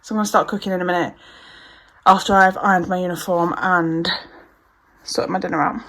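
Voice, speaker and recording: A woman's voice: on the low side, steady tone, fairly quick. A young woman, chatting casually and gushing at home as a lifestyle vlogger, rambling through asides. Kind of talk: casual chatty vlog narration. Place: at home indoors.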